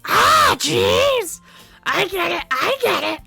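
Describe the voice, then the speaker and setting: A woman voicing a brash, bossy teenage schoolgirl who snaps and shouts. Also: very high voice, very animated, slow pace, gravelly, soft background music, voice pushed up, full character voice. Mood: bratty. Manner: snappy, shouty.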